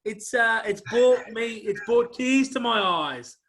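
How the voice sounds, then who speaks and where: A man's voice: very high-pitched, slow. A man hosting an interview show, talking casually and heaping praise on his guest with lots of fillers. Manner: effusive, warm praise, many fillers.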